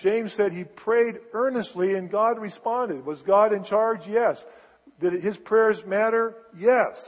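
A man's voice: high-pitched, slightly rough. A male pastor preaching a conversational sermon, acting out biblical dialogue with rising intensity. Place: church sanctuary. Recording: dull sound with long church reverb.

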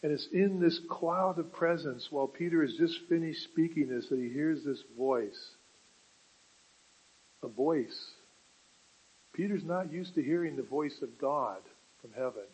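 A man's voice: a little high, measured pace, long pauses, darkish tone, husky, rough recording. A man preaching a sermon as pastor, earnest, repeating words and asking rhetorical questions.

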